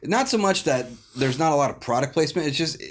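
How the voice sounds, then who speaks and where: A man's voice: on the high side, lively intonation, quick pace. A man co-hosting a podcast, adding dry jokes in casual chat. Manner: dry joking interjections. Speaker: podcast co-host. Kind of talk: casual movie-review chat.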